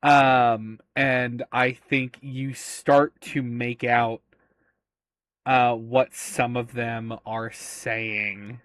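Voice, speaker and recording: Very slow, hesitant game master, man. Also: mid-range voice, level tone, fairly bright tone, no echo. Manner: hesitant, many filler sounds. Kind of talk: narrating a tabletop game.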